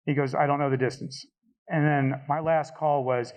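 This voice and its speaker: A man's voice: fairly high pitch, steady tone, moderate pace, rough recording. Man telling a combat story. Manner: vivid storytelling, acts out radio calls. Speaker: retired A-10 pilot on a panel. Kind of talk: storytelling at a live panel.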